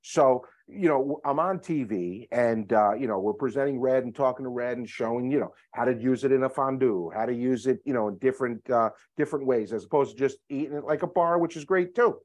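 Energetic man telling a sales story. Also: medium pitch, brisk, few pauses. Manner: energetic, salesy, lots of fillers. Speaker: chocolate brand executive, guest. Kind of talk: animated storytelling, casual interview.

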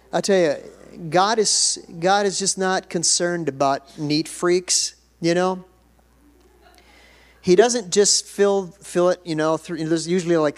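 A man pastor preaching a sermon, moving between conversational asides and bursts of emphatic delivery. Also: on the high side.

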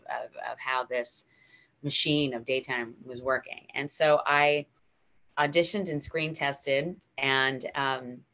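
An American woman with a low, bright, forceful voice tells stories as a guest in a casual interview. She talks in an animated, emotional way, often restarting her sentences. The recording is a bit dull and lo-fi. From United States. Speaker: guest actor.

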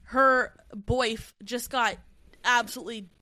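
Woman, book podcast co-host, higher voice, dry close sound, quick reactive asides. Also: steady tone, pushed and bright, no room sound. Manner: reactive, laughing, fast fragmented asides. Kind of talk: casual chat.

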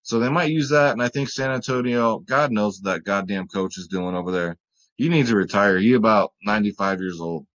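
On dull audio, a man with a lowish, fairly bright voice talks fairly quickly through his fantasy basketball picks. This fantasy sports vlogger rambles and jokes casually, frequently addressing viewers as "guys."

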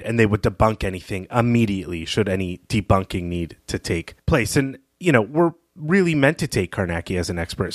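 Low-voiced guy on a book podcast picking apart a story, dry close mic. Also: no echo. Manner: thoughtful, analytical commentary. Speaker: podcast co-host. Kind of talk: casual literary discussion.

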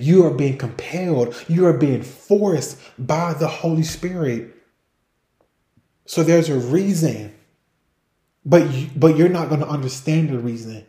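A man preaches on his faith podcast, pressing each point through repetition and restarting phrases as he goes. His voice sits fairly high but sounds mellow and dark. The room adds a noticeable echo. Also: measured pace. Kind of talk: sermon-style podcast talk.

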